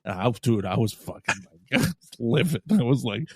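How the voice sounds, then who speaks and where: A man hosting a podcast, telling a story in a casual, animated, profane way and acting out what people said. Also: mid-range voice, moderate pace, background noise. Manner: animated, profane, acts out quotes. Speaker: podcast host.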